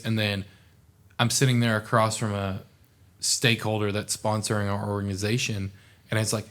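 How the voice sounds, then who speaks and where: A man's voice: on the low side, little pitch movement, normal speed, fairly bright tone. A young man, a podcast guest talking in an earnest, heartfelt, rambling way full of "like". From southeast Oklahoma. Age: young adult. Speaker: podcast guest, former student officer. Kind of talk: casual podcast interview.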